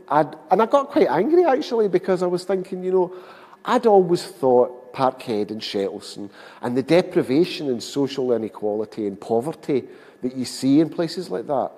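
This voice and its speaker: Man, glasgow accent, 50s, dark mellow voice, wry anecdotal speech, long hall reverb. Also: mid-range voice. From Scotland. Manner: wry, anecdotal, self-mocking. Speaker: speaker at a public event. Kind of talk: storytelling speech to an audience. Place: public hall.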